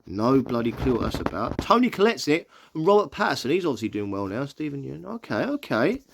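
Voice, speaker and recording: Lively chatty man. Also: medium pitch, gravelly, background noise. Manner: chatty, reads out listings haltingly and reacts. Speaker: movie vlogger. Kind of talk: casual reaction commentary.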